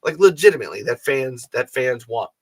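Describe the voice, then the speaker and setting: A man's voice: mid-range voice, animated, brisk, slightly rough, no echo. A man hosting a fan podcast, talking casually and rambling, frustrated and swearing often. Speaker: podcast host.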